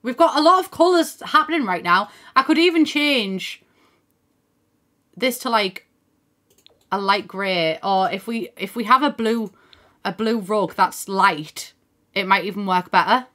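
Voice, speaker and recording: A woman's voice: medium pitch, unhurried, pauses often, bright, forceful tone. A woman streamer chatting casually as she plays, thinking aloud, reading out chat and swearing now and then, on a desk microphone at her home computer. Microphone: desk microphone in front of screen.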